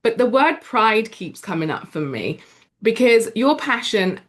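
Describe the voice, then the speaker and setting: A woman hosting an interview, asking long questions in a measured, drawn-out way with some fillers. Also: on the high side, big pitch swings. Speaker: podcast host, interviewer.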